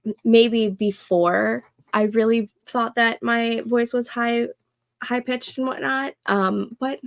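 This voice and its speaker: A young woman hosting a casual co-working livestream, thinking aloud and reading chat comments in a soft, soothing voice. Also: on the high side, steady tone, slow, gravelly, dry recording. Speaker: livestream host.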